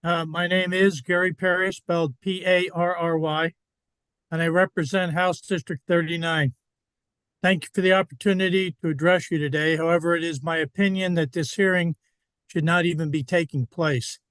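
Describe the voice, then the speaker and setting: A man's voice: fairly high pitch, fairly even intonation, moderate pace, fairly bright tone, smooth, no echo. A state representative, a man, firmly reading a prepared statement over a remote call. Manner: firm, reads a statement. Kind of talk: prepared public comment.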